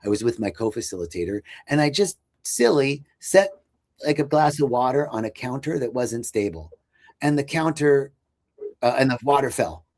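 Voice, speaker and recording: A man speaks earnestly about inner growth, searching for words with frequent fillers and restarts. His voice sits at an ordinary middle pitch, and he talks in a reflective storytelling way. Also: sing-song, normal speed, darkish tone. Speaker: podcast guest.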